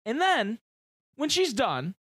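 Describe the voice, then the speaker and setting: A man co-hosting a podcast in casual chat, excitable and full of gamer slang. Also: very high voice, slow, no room sound, clean studio sound. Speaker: podcast co-host.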